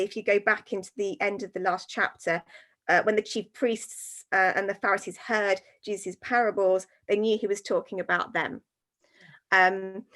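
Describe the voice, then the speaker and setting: A woman's voice: medium pitch, a bit bright. A woman minister in a reflective discussion, talking earnestly and from the heart, with many fillers and restarts. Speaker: guest minister.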